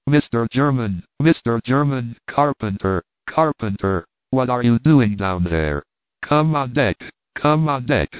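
A fussy ship captain, put on by a male reader, sputters out his orders in quick, peevish bursts. He repeats himself whenever he gets flustered. The sound is narrow and tinny, with no room around it. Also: mid-range voice, lively intonation, dry recording, natural voice. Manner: pettish, fast, repeating himself. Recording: tinny phone-like dry sound.

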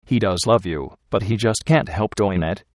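A blunt, rough-spoken young working man with a plain, ungrammatical folksy way of talking, as a male audiobook reader gives him voice. His low voice sounds close and dry. He is earnest and unpolished. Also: normal speed, no echo, natural voice. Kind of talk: audiobook character reading.

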